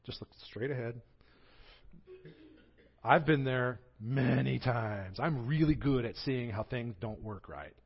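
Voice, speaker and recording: A man's voice: medium pitch, takes it slowly, creaky, breathy edge, highs cut off. A man with a Southern American accent preaching a sermon as pastor, telling the story with animation and acting out the quoted voices.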